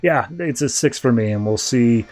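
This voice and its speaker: A man in a relaxed podcast chat, retelling a comic book story in a loose, conversational way. He drops in quick, offhand voices for the characters as he goes, with a middle-pitched, everyday sound. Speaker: podcast host reviewing comics. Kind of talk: casual comic book recap.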